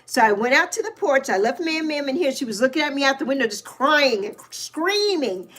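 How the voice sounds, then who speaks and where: A woman in her sixties hosts a casual livestream and tells a story in a lively, chatty way. Her voice sits high, and she stops now and then to greet viewers by name. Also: fairly quick. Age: 60s. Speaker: livestream host.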